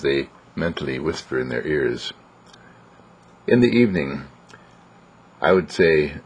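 Low gravelly-voiced man giving a gentle spiritual message. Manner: gentle and unhurried, dropping to soft whispers. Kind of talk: inspirational spiritual talk.

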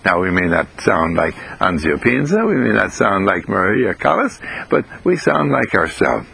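A man giving an inspirational self-help monologue, gentle and sing-song, repeating phrases with rising pitch. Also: very animated, moderate pace, vocal fry, husky, low-quality recording.

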